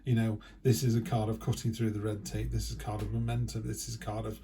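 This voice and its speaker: A man's voice: lowish voice, level tone, fast, vocal fry, dark tone, a little hiss or hum. A man giving a casual, chatty tarot reading who acts out quoted remarks in other voices. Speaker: tarot reader.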